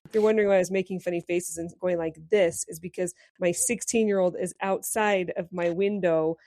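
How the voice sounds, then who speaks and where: A woman in her forties co-hosting a podcast, chatty and supportive, quick to joke. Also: fairly low pitch, steady tone, darkish tone, no room sound, studio quality. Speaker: podcast co-host. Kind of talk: casual chat.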